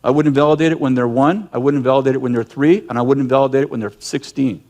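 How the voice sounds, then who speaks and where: A man's voice: medium pitch, fast talker. A man leading a conversational sermon, a direct and emphatic teacher who acts out scenes from his stories and often restarts his sentences. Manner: animated storyteller who acts out yelling scenes. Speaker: ministry leader and teacher.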